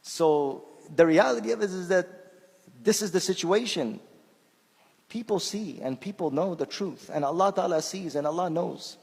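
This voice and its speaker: एक आदमी अनौपचारिक धर्मोपदेश दे रहा है, बोलचाल के अंदाज़ में, शब्द दोहराते हुए और किस्सों में आवाज़ें निकालते हुए; उसकी मातृभाषा फ़ारसी है।. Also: male voice, high voice, normal speed, gravelly, darkish tone, slightly rough. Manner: conversational, repeats words while searching, acts out quoted voices. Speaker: shaykh giving a talk. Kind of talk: informal sermon with anecdotes. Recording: long hall reverb.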